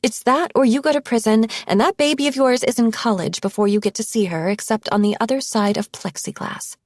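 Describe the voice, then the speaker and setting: A woman's voice: on the high side, fairly quick, dry recording, clean studio sound, pitched above the performer's own voice, lightly acted. A woman reading as a cold, controlling young woman. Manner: forceful, clipped, impatient.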